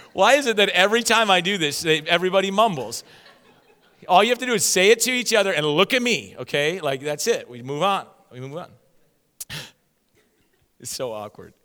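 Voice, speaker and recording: A man delivers a sermon with a bright, crisp, smooth voice pitched somewhat high. He is playful, teasing the congregation and laughing at his own jokes. His voice carries a long reverb, as if he were in a large church hall. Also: animated, measured pace, long pauses. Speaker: pastor. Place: church sanctuary.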